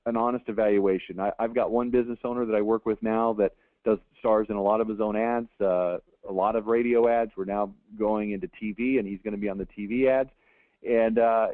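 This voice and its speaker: A man talks through a marketing webinar in a casual, folksy way, often checking in with his listeners. His voice sits at a middle pitch. It comes through a dry, narrow, phone-like line. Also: no echo. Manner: conversational, folksy asides, frequent "okay?" checks. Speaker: marketing consultant presenting a webinar.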